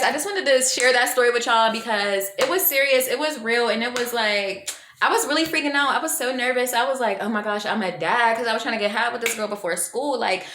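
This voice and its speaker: A woman vlogger telling a story to camera in a casual, slangy way, acting out what people said. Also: fairly high pitch. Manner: animated, slangy, acts out quoted voices. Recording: echoey room with faint noise.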